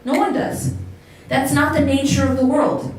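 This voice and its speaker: A fairly high-voiced woman delivering a religious talk to a live audience, drawing listeners in with questions as she goes. Her voice carries from a distance through a very echoey hall, with faint background noise. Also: steady tone, moderate pace, darkish tone. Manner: engaging, asks the audience questions. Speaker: Islamic lecturer.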